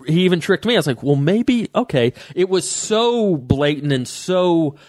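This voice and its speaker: A man's voice: a little high, lively intonation, moderate pace. Worked-up man telling a story. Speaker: podcast co-host, comedian. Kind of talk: casual chat, storytelling.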